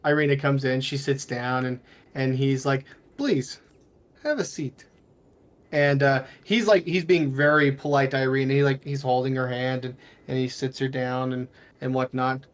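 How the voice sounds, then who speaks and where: A man running a tabletop game as game master, narrating in a loose, halting way with frequent restarts, over voice chat from home. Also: medium pitch, monotone.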